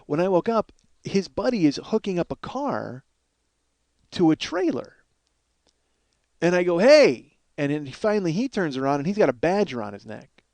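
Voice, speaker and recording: A man hosting a comedy podcast, telling a story in an animated, profane, rambling way. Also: fairly high pitch, moderate pace, creaky, pauses often, no room sound. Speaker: podcast host.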